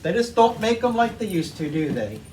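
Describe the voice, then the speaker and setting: Male workshop host, slightly high voice, warm rambling storyteller, distant mic with faint noise. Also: big pitch swings, normal speed. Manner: heartfelt, rambling, with frequent ums. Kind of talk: casual storytelling while cleaning. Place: home workshop.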